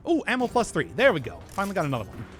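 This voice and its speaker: A man's voice: sits high, huge pitch swings, very fast, a bit bright, faint music behind. A young man streaming a game, chatting and rambling as he plays, often laughing. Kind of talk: live gameplay commentary.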